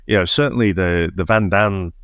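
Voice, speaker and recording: A man's voice: low voice, normal speed, a bit bright, no room sound. A man co-hosting a casual film podcast, talking with enthusiasm, laughing often and swearing freely. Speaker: podcast co-host. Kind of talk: casual chat.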